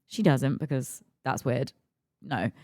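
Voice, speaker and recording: A woman, a podcast host telling a story in an animated, emphatic way and swearing freely. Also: very deep voice, slow, no echo, clean studio sound. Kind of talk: casual storytelling.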